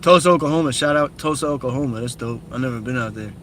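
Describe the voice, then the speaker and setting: A man's voice: medium pitch, fast talker, a bit bright. A young man live streaming while driving city streets, talking bluntly and cursing often. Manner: profane, blunt, opinionated rambling. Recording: noisy car interior with traffic. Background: car and street noise.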